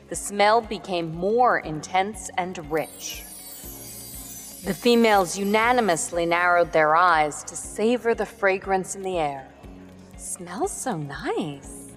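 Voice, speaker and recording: A woman reading a storybook narration in a calm, measured way. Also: fairly low pitch. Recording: long reverb with background music.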